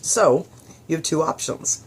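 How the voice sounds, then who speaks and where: A woman's voice: low voice, expressive, a little slow, breathy edge. A middle-aged woman hosting a motivational radio show, chatty and upbeat, acting out the thoughts she quotes. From southwestern Ontario, Canada.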